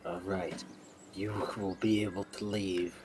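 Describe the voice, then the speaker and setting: A man voicing a creepy, sneaky creature who threatens slowly and speaks of himself in the third person. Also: sits low, flat delivery, noisy background. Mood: threatening.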